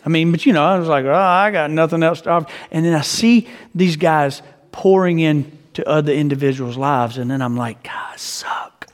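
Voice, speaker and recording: Man, pastor, sermon, conversational, rhetorical questions, slightly high voice, long hall reverb. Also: a little fast.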